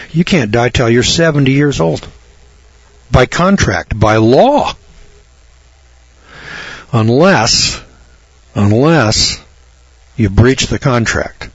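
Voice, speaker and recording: A man's voice: mid-range voice, lively intonation, takes it slowly, long pauses, breathy edge, dry recording. A man hosting a radio talk show, preaching emphatically and reading out long lists and scripture. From American South. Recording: dull dry radio broadcast sound.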